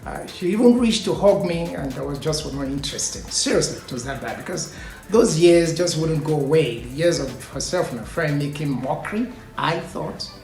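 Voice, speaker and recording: A man's voice: fairly high pitch, normal speed, creaky. Man telling a story in an echoey room. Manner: animated, laughs often, trails off with "you know". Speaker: vlog host telling a personal story. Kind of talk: casual storytelling. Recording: echoey room, faint music.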